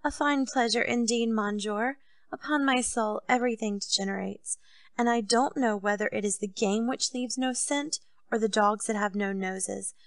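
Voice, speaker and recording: Brief: woman playing a petulant storybook king, self-pitying and loud, slightly gravelly. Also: fairly high pitch, normal speed, dry recording, natural voice. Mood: complaining. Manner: complaining, indignant, raises voice.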